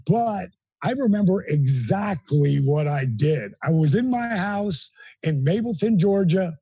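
Husky, high-voiced man telling a story. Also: dry recording, poor audio. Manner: animated, emphatic storyteller with profanity. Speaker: interview guest. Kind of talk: storytelling in an interview.

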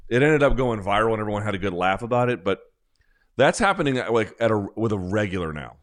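A man's voice: lowish voice, lively intonation, quick pace. Rambling, sarcastic male podcast host. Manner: sarcastic, rambling, self-deprecating. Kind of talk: casual comedic chat.

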